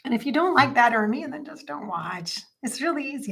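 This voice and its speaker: A woman's voice: sits high, animated, a little fast, a bit bright, slightly rough. A chatty, bubbly woman in her late forties hosting a casual livestream and sometimes breaking into song. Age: 40s. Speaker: psychic livestream host.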